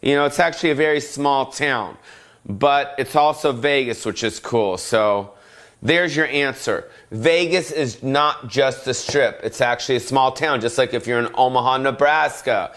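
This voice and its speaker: A middle-aged man rambles through a solo comedic podcast rant in a mid-pitched voice. He swears freely, cuts himself off mid-sentence, and now and then bursts into yelling. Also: moderate pace. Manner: rambling, profane, self-interrupting, bursts of yelling. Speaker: podcast host.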